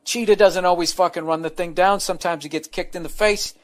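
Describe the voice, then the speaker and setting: A man with a somewhat high voice rants on his comedy podcast, reading out a listener's letter. He is blunt and profane, breaking off into stumbling asides. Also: steady tone, a little fast.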